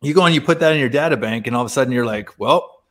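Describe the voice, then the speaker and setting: A man's voice: mid-range voice, rapid-fire, fairly bright tone. A man speaking as a podcast guest, telling a personal spiritual story in a casual, earnest way, laughing often and using many fillers.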